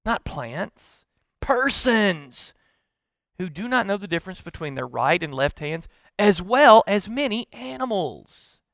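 A man's voice: high voice, big pitch swings, slow pace, vocal fry, a bit bright, no room sound. A male pastor preaching a sermon, telling the story in an earnest, conversational way and often restarting his words.

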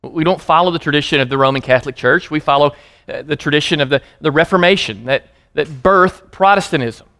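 Male pastor, slightly higher voice, teaching sermon with dramatic bursts of emphasis. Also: fairly quick. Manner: animated preaching, acting out quotes with sudden emphasis.

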